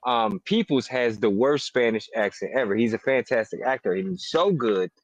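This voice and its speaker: A man's voice: mid-range voice, big pitch swings, normal speed, creaky, no echo, highs cut off. A man co-hosting a podcast in casual chat, rambling and profane, often searching for words. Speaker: podcast co-host.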